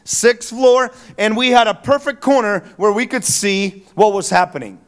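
A male pastor giving a Christmas Eve sermon in a church, telling stories in a relaxed, joking, conversational way with fillers. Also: high voice, moderate pace, clear, resonant tone. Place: church sanctuary.

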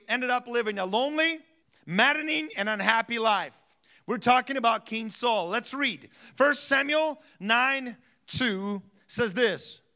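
A man preaching a sermon as a pastor, telling self-mocking stories, laughing often and rising to loud bursts. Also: extremely high pitch.

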